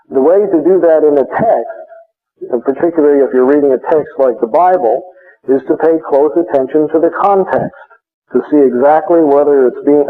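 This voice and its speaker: A man giving a measured classroom lecture, explaining step by step with frequent hesitations. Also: fairly high pitch. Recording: tinny phone-like recording.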